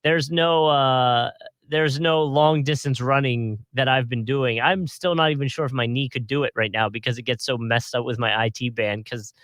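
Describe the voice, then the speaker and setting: A young man co-hosting a casual sports podcast, easygoing and quick to laugh, recorded on a close, dry mic. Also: mid-range voice, steady tone, fairly bright tone, no echo. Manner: easygoing, laughs often, chatty asides. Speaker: podcast co-host.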